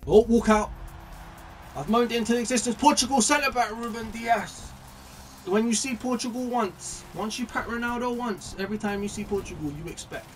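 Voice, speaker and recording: A bright, slightly high man talks through his game pack openings, chatting to each new card as if greeting an old friend. He sits a little back from the mic, with background music running underneath. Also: normal speed, far from the mic. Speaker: gaming YouTuber.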